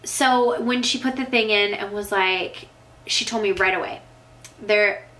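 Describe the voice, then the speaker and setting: A woman's voice: medium pitch, measured pace, pushed and bright, poor audio. Young woman vlogger, casual Q&A, emotional and teary, rambling with lots of "like". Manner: emotional, tearing up, filler-heavy. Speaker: vlogger answering viewer questions. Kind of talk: casual chat.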